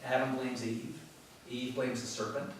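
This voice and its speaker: A man's voice: medium pitch, steady tone, a little slow. Guy chatting to a yoga class, storytelling, mid voice, faint hiss in the room. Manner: conversational, storytelling with frequent chuckles. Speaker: teacher. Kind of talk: informal spiritual talk to a class. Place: yoga studio. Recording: very echoey room from far off, faint noise.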